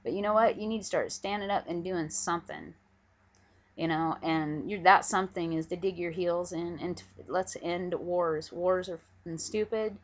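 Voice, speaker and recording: With a fairly low voice at an ordinary pace, a woman vlogger angrily vents at home, cursing and stressing her points. Her camera is set on a pillow, and the webcam sound comes through dull and lo-fi.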